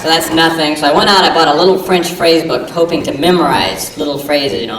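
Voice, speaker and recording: A man performing a live stand-up routine, mock-earnest and rambling, with sudden loud silly outbursts. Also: on the high side, lively intonation, fairly quick, few pauses. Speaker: stand-up comedian. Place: live comedy venue with audience. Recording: echoey live recording from a distance with audience noise.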